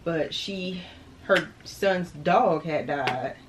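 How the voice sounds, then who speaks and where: A woman's voice: fairly low pitch, very slow, noisy background. A young woman chatting casually to her viewers in a vlog, laughing often and talking to them as y'all; she is tired. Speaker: vlogger.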